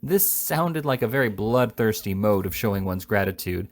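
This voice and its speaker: A man's voice: fairly low pitch, expressive, normal speed, slight background noise. A man casually reading a classic novel aloud, with frequent small slips and restarts. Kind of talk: casual read-aloud narration.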